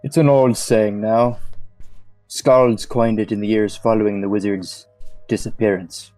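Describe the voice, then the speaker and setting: Mellow, low-voiced male game master. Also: no room sound, faint music behind, low-quality recording. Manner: calm, measured narration. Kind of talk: narrating a tabletop game.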